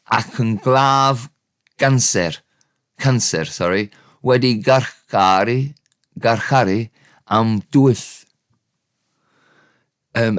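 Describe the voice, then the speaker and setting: A man with a Welsh accent giving a casual spoken language lesson, unhurried and thinking aloud, often correcting himself. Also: on the low side, no echo, studio quality.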